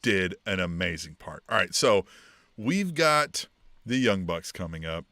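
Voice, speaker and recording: Animated, bright-voiced male podcast co-host. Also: sits low, a little slow, dry recording, clean studio sound. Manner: animated, swears freely, acts out quotes in mock voices. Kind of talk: casual wrestling recap chat.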